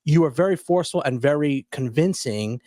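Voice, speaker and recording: A man hosting a casual interview podcast, speaking in a thoughtful, measured way. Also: fairly high pitch, lively intonation, warm tone, no room sound, clean studio sound. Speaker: podcast host.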